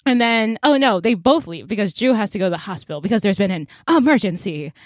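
A woman in casual podcast conversation, recapping a novel's drama at an easy mid pitch. She chats in an animated way, full of fillers, and keeps slipping into quick impressions of the characters. Her voice is recorded close and dry, with no room sound. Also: no room sound. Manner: animated, chatty, many fillers, acts out characters' lines. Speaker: podcast co-host. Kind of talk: casual book-recap chat.

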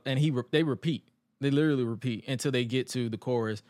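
A man's voice: mid-range voice, normal speed, no echo, studio quality. A man co-hosting a podcast, casually recapping wrestling and acting out funny quotes. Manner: animated, joking storyteller who acts out quotes. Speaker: podcast co-host.

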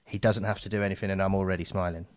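A man hosting a casual chat, halting and self-deprecating, swearing casually. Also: sits low, little pitch movement, no echo, studio quality.

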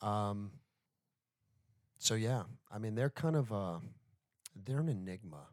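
A man's voice: on the low side, expressive, takes it slowly, no echo, clean studio sound. Laid-back swearing man from Florida. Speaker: podcast co-host. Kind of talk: casual podcast chat.

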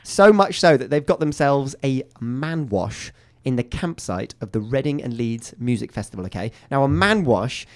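Animated man telling a comic story. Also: medium pitch. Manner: animated, quick anecdotal telling. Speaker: comedian guest. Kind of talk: storytelling on a radio chat show. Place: radio studio.

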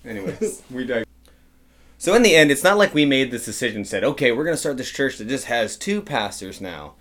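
A man's voice: medium pitch, big pitch swings, fairly quick, a bit bright. A man co-hosting a church podcast, joking around in casual rambling banter. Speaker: co-pastor and podcast host.

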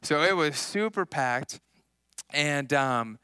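A man in his thirties preaching a casual sermon, telling personal stories in an animated way and acting out what people said. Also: a little high, takes it slowly, clear, resonant tone, no echo. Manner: casual, animated storytelling with acted-out quotes. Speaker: pastor.

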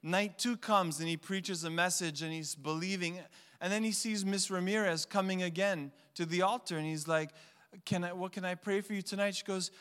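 Acting out the voices of the characters in his stories, a pastor delivers a sermon as an animated storyteller. His voice sits high and sounds clean, moving at a normal speed, with a long hall reverb around it.

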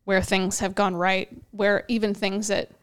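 A woman co-hosting a podcast, speaking in a smooth, clear voice. She talks earnestly and reflectively about faith, letting her thoughts run on in long, flowing stretches. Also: mid-range voice, flat delivery, unhurried. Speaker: podcast co-host. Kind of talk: casual faith talk.

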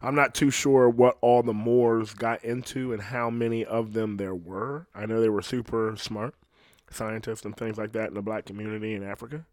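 A man's voice: on the low side, steady tone, normal speed, darkish tone, no echo, studio quality. An American man talking in a rambling, profane, casual way, often laughing. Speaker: podcast host. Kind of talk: casual chat.

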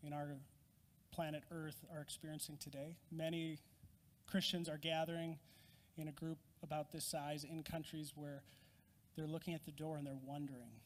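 A man's voice: a little high, level tone, moderate pace, a little hiss or hum. A man preaching a sermon as pastor in a church, earnest and conversational, acting out quoted voices. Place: church sanctuary. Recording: long reverb of a large hall.

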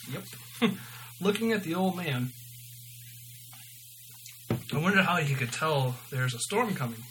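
A man's voice: mid-range voice, a bit bright, slight background noise, poor audio. A man casually reading his own story aloud, often stumbling and correcting himself, with an amused manner.

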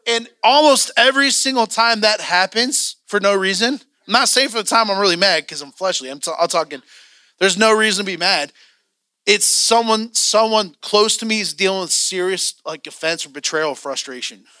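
A man's voice: high-pitched, moderate pace, sharp tone, dry recording. Man, church class teacher, candid, joking, acts out quotes, dry close sound.

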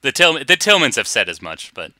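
A man's voice: mid-range voice, very animated, a little fast, sharp tone, no echo. A man co-hosting a podcast, chatting casually with a mocking, sarcastic edge and frequent laughter. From Boston area. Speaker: podcast co-host. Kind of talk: casual chat.

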